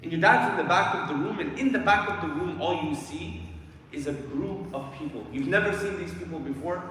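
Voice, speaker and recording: A man's voice: fairly high pitch, a little fast, fairly bright tone. A man from Canada giving a guest sermon in a mosque, telling a vivid story and addressing the crowd directly with dramatic build-ups. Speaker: guest lecturer. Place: mosque prayer hall. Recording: echoey hall from far off with faint noise.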